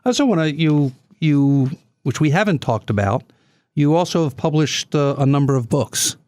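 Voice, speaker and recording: A man's voice: fairly high pitch, lively intonation, normal speed, a little mellow, dry recording. A man hosting a business podcast, asking questions in a casual, somewhat hesitant way with frequent restarts.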